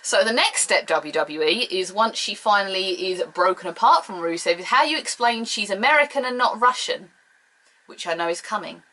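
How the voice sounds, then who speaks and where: British woman ranting through a solo review, sarcastic and blunt, bright sharp voice. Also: medium pitch, expressive, normal speed, poor audio. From United Kingdom. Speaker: show reviewer.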